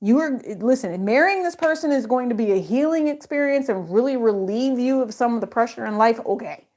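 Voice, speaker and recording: A woman's voice: a little high, expressive, brisk, darkish tone. A middle-aged woman giving a casual, rambling psychic tarot reading, full of fillers and self-interruptions.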